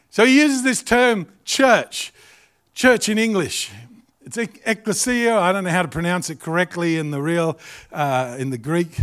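A middle-aged man with an Australian accent preaching a sermon, animated and jokey, acting out little asides. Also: sits high, normal speed, clear, resonant tone. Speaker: pastor.

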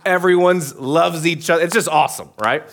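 A man's voice: fairly high pitch, brisk, a bit bright. Male pastor, 30s, chatty sermon, jokes and asks the crowd things. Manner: casual, joking, many restarts, asks the crowd.

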